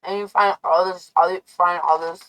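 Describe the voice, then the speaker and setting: A woman's voice: lowish voice, steady tone, normal speed, a bit bright, low-quality recording. A woman live streamer rambling in a brash, taunting, profane way. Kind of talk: rambling livestream rant.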